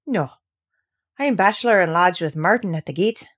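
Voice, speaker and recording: A gruff, grumbling old gardener, as a woman reading a storybook puts him on. He speaks in a lively, swinging voice that jumps up and drops low, curt and reluctant. The storybook telling stays close and plain. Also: normal speed. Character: grumpy old Yorkshire gardener man.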